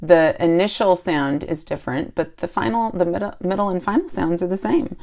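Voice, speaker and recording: A woman's voice: lowish voice, lively intonation, a little fast, a little mellow. A woman teaching a poetry lesson for children, explaining step by step and asking the class questions.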